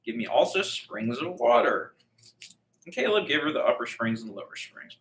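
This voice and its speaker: A man's voice: medium pitch, sing-song, moderate pace, fairly bright tone, reverberant, slight background noise, rough recording. Joking man stumbling through scripture. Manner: stumbles over names, jokey asides, swears. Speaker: bible reading podcaster. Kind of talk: casual comedic bible reading.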